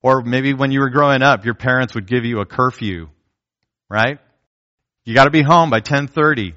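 A man's voice: mid-range voice, moderate pace, long pauses, bright, forceful tone, lo-fi sound. Male preacher telling a family story. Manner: storytelling, acts out quoted voices. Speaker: pastor. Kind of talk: sermon.

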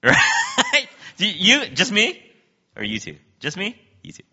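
Animated pastor guy, super punchy sharp voice, bit muffled lo-fi audio. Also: high-pitched, takes it slowly, husky. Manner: animated, laughs often, keeps asking "right?". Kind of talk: sermon. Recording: dull lo-fi recording.

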